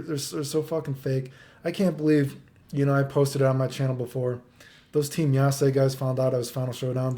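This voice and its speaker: A man's voice: mid-range voice, mellow. A man hosting his own channel, in a heated, profane rant that he keeps punctuating with "right?". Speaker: channel host. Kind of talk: ranting monologue.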